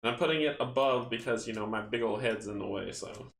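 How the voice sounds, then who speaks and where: A chatty man runs a card game on stream, reading rules aloud and poking fun at himself between shuffles. His voice sits at a middling pitch and rings around a roomy space. A faint hiss of background noise runs underneath. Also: brisk, gravelly, fairly bright tone. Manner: chatty, self-mocking, talks to viewers while shuffling.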